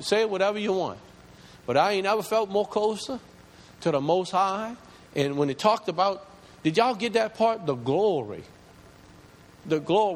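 A male pastor preaches with a high, strongly varied voice that climbs as he presses his points. His words ring out with a long reverb, as if in a large church hall. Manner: impassioned preaching, rising pitch as he builds. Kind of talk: sermon.

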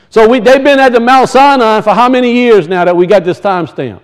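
Guy preaching a bible study, high voice, keeps asking questions and repeating himself. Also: expressive, a little fast, few pauses. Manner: asks the congregation questions and answers them himself, repeats key points. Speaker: bible teacher. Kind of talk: teaching sermon.

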